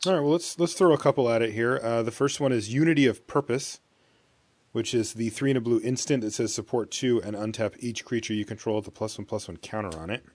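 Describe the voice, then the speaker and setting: A man's voice: mid-range voice, fast talker, a little mellow, a little hiss or hum. A man co-hosting a podcast, leading a casual card-game chat and reading out card text. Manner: leads the discussion, reads out card text. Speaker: podcast co-host.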